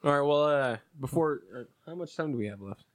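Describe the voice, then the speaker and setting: A man's voice: fairly high pitch, lively intonation, fairly quick, no echo. A young adult man telling rambling stories in casual chat, swearing freely and putting on voices for his pets.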